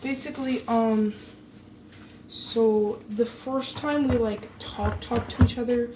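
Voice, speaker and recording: A teenage German girl who vlogs rambles casually while baking, full of fillers and sarcastic asides. Her voice is fairly high, warm, slow, and fairly even in intonation, recorded in an echoey room with a noisy background.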